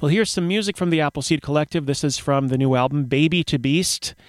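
A man's voice: on the high side, fairly quick, dry recording. Wry radio DJ man, dry studio sound. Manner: reads news items aloud with wry offhand asides. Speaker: radio DJ host. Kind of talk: casual radio talk and news reading.

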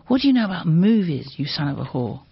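A woman's voice: sits low, very animated, fast, husky, dry recording, heavily acted. A woman reading as a taunting gunman. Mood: menacing. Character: menacing young male militiaman with a gun. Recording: dull, dry, muffled sound.

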